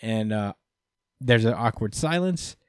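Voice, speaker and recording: A man's voice: lowish voice, unhurried, smooth, no room sound, studio quality. Laid-back man recapping manga chapters. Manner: relaxed, many fillers, acts out characters in quotes. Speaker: podcast co-host. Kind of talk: casual manga review chat.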